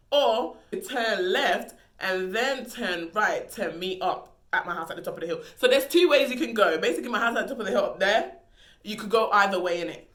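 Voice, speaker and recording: A woman's voice: medium pitch, a bit bright. A young woman vlogger telling a story in a casual, dramatic, slangy way. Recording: echoey room.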